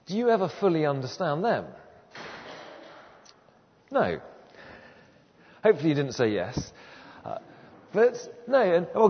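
A man's voice: high-pitched, slightly rough. A man preaching a sermon to his congregation in a conversational way, putting questions to them. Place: church. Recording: dull, distant church sound with long reverb.

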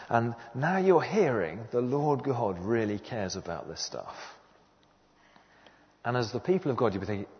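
Emphatic preacher man in echoing hall. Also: mid-range voice. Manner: earnest, emphatic, repeats key phrases. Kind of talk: sermon. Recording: dull sound with long hall reverb.

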